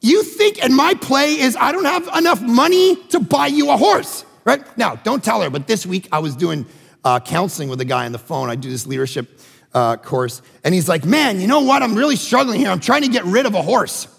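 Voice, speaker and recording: Male preacher, high-pitched, husky, lively storytelling, long hall reverb. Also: brisk. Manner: animated, acts out voices in his stories. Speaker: pastor. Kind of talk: sermon. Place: church auditorium.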